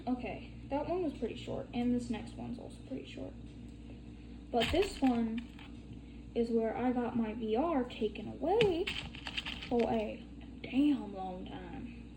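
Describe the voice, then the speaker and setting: Young woman vlogger, slow and chatty, slightly high voice, faint background hiss. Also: lively intonation. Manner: chatty, swears casually, rambling storytelling. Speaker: crafting tutorial vlogger. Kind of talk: casual chat while demonstrating bead crafting.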